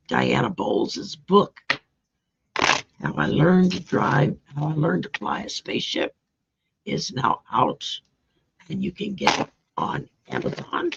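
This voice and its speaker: A woman's voice: deep voice, gravelly, background noise. A woman hosting a live stream, chatting with viewers by name and laughing easily as she draws and reads oracle cards. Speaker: live-stream card reader and host. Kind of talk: casual live-stream oracle card reading. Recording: dull lo-fi stream audio.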